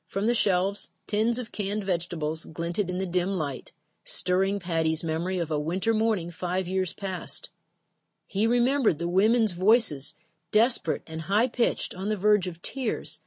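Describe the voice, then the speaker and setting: A woman narrating an audiobook in a measured, steady storytelling voice. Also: fairly low pitch, dry recording. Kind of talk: scripted narration.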